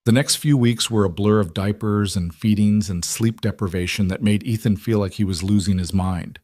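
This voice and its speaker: Man narrating with a low, dry voice. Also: moderate pace, darkish tone, no room sound. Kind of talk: scripted narration.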